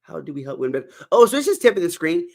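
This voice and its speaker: Livestream host, man from Texas, slightly high voice, upbeat, keeps urging viewers on. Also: very animated, racing, creaky, a little mellow. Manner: upbeat, repeats calls to tap the screen. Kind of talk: casual livestream chat.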